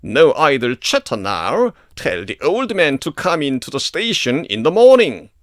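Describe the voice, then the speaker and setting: A man's voice: mid-range voice, wildly swooping pitch, measured pace, no echo. A man playing a suspicious colonial policeman who questions curtly and gives orders, in a dry recording. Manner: curt questioning. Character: gruff male colonial policeman, curt and suspicious.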